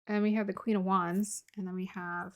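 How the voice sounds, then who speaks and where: A woman's voice: medium pitch, flat delivery, normal speed. A woman giving a casual tarot reading to her viewers, musing aloud, laughing often and sometimes dropping to a murmur. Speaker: tarot reader.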